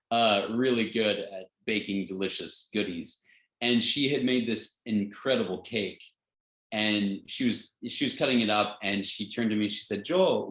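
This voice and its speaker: A man's voice: fairly low pitch, a bit bright. A man teaching a health class in an informal way, earnest, often chuckling and restarting his sentences with fillers. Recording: roomy echo.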